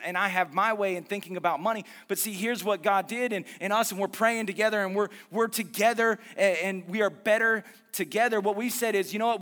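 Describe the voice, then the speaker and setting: A man preaching a sermon as pastor, lively and conversational, mixing jokes and asides about his marriage into the message. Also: high voice, big-room sound.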